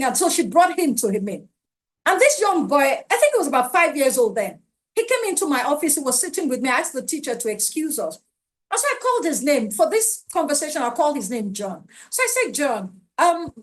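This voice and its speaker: A woman's voice: sits high, very animated, quick pace. A middle-aged Nigerian woman giving a parenting webinar talk, emphatic and pleading with her listeners. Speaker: parenting speaker.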